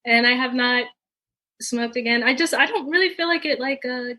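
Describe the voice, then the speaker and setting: A woman's voice: high-pitched, normal speed, sharp tone. A young adult woman, a guest comedian, telling stories in a casual rambling way, with lots of fillers and laughter. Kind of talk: casual podcast storytelling.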